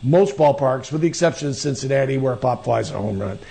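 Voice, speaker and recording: Gravelly-voiced older man hosting radio. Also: medium pitch, lively intonation, quick pace, warm tone. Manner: rambling, self-interrupting. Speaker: radio show host. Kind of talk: casual radio talk show chat.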